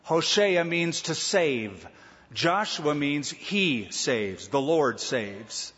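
A man from Southern California preaching an expository sermon with emphatic, drawn-out teaching delivery. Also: a little high, animated, a bit bright, slightly rough. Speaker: pastor. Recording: dull lo-fi sound with long hall reverb.

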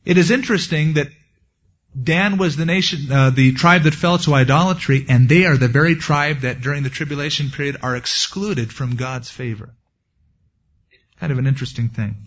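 A pastor preaching through a Bible passage, with casual, folksy asides to his listeners. His voice sits a little high for a man. The recording sounds dull and lo-fi. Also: moderate pace, fairly bright tone. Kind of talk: expository sermon.

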